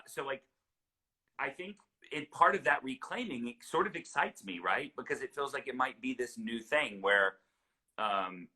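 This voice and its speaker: Bright, chatty male interview host. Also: medium pitch, low-quality recording. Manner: chatty, enthusiastic, full of "like" fillers. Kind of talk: casual interview chat.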